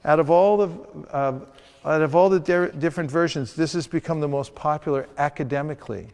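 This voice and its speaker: Speaking fairly quickly in a fairly high, slightly mellow voice, this man is a sales trainer running a hands-on session for a group. His teaching mixes in playful demonstrations of street encounters, and the audio has a hall's long reverb.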